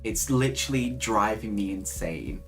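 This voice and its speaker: A woman's voice: very deep voice, animated, normal speed, soft background music. A young woman hosting a casual live stream, chatting with viewers, reading their comments aloud and laughing often. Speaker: livestream host.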